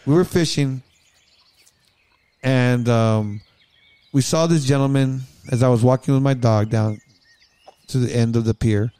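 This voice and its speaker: A man's voice: mid-range voice, a little slow, pauses often, mellow, smooth. A middle-aged man chatting casually as a podcast co-host, telling rambling stories with many restarts. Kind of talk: casual chat.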